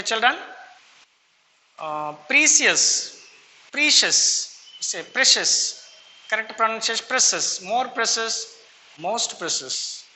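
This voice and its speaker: A man's voice: sits high, sharp tone. A male teacher with an Indian English accent, drilling a class through adjective forms, stressing each first word and letting the last one fall. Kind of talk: classroom grammar lesson. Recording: long reverb, faint room noise.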